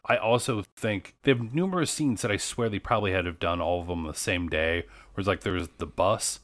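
A man's voice: sits low, a little fast, fairly bright tone, no echo. A man co-hosting a podcast in casual, rambling chat, often saying "like". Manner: chatty, rambling, heavy use of "like". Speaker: podcast co-host.

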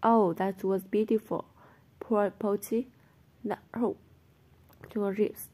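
A woman's voice: medium pitch, steady tone, takes it slowly, dark tone. A woman reading as a breezy, shrewd schoolboy. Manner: airy, matter-of-fact. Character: cheerful, shrewd schoolboy entrepreneur.

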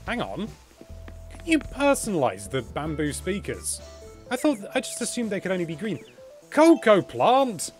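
A British man hosting a live gameplay stream, chatting in an excitable, gushing way as he tours an island. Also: sits high, moderate pace, soft background music. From Britain. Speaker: livestream host.

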